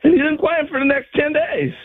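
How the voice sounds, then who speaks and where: A former ball player, an older man, tells animated stories on a talk show and acts out other people's lines with laughs. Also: very high-pitched, fast. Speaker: former baseball player, guest. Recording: dull lo-fi sound.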